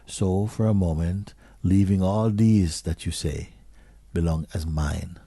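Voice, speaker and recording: A man giving a slow, questioning spiritual talk to an audience, sometimes dropping to a near whisper. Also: low voice, mellow, husky, no echo, clean studio sound. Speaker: spiritual teacher.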